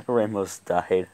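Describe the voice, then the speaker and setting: A young man giving live gameplay commentary, excitable, often laughing and yelling at the game. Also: mid-range voice, husky. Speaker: gaming YouTuber.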